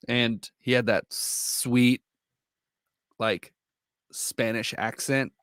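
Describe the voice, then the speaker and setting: A man's voice: mid-range voice, no echo, studio quality. A young man co-hosting a casual podcast, talking about a film with enthusiasm and lots of fillers. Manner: enthusiastic, many fillers, quick bursts of excitement. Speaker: podcast co-host.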